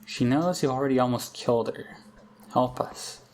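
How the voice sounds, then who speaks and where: A man reading aloud the lines of a frantic young girl who says her demonic double is hunting her, in a rushed, pleading way. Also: mid-range voice, a little mellow, lightly acted. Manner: pleading, rushed, half-hysterical. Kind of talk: reading game dialogue aloud.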